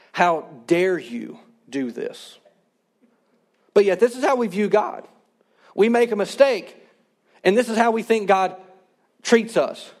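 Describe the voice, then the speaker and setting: High-voiced male pastor preaching. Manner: earnest, conversational preaching with congregation responses. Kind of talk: sermon.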